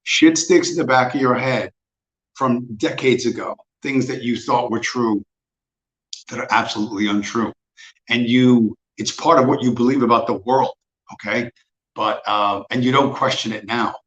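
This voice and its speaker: A man's voice: mid-range voice, fairly bright tone. Profane ranting man in his fifties. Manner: blunt, profane and mocking. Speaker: livestream host. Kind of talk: casual ranting monologue. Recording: roomy, dull lo-fi sound.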